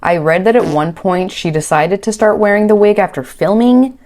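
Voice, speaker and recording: A woman's voice: medium pitch, normal speed, a little mellow. A woman casually recapping a reality show, chatty and wry, with a home mic. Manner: chatty, wry, quotes people in bouncy voices. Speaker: recap commentator. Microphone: home recording mic.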